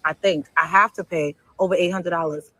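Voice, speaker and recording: A woman's voice: lowish voice, fairly even intonation, fairly quick, a bit bright, no room sound, rough recording. A woman teacher talking casually in a vlog while eating her lunch.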